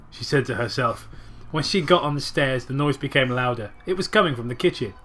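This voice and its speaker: A man's voice: mid-range voice, animated, brisk, fairly bright tone. A young man reading a badly written horror story aloud for laughs, mocking its grammar and swearing often. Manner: sarcastic, mocking the writing, swears a lot. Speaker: podcast co-host reading a story. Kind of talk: comedic dramatic reading with banter.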